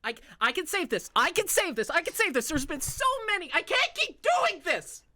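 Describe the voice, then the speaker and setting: A frazzled female elf mage yelps in high, piercing bursts, teetering between panic and exhaustion. The game master puts her on mid-session, her voice bright and sharp, her pitch swooping wildly. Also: wildly swooping pitch, drawn-out words, no room sound, studio quality, heavily acted. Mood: frantic. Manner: shrill, panicky cries. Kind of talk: tabletop role-play voice acting.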